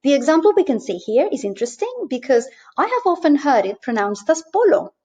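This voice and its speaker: A woman language teacher explaining over slides, clear and patient, slowing down to model each sound. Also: sits high, very animated, a little mellow. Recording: dull lo-fi voice-over.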